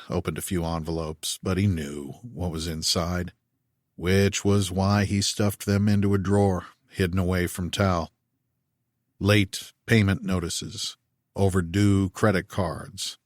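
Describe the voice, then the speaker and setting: A man with a low-sitting voice narrates an audiobook from a script, keeping his storytelling measured and even. The recording is studio quality with no room sound.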